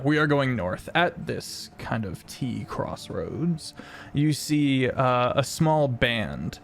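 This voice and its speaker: A man's voice: medium pitch, gravelly, slight background noise. Man narrating a tabletop game. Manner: rambling, lots of ums and uhs. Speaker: game master.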